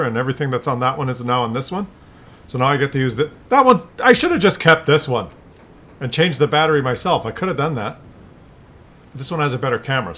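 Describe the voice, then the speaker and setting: A man's voice: mid-range voice, fairly bright tone, a little hiss or hum. An older man talking in a loose, rambling monologue, often restarting words and acting out little scenes. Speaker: vlogger.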